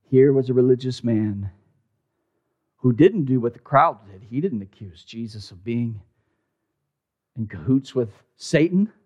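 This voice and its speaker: A male pastor preaching a sermon, dramatic, swinging from loud emphasis down to a hushed near-whisper. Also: medium pitch, unhurried, pauses often, muffled recording.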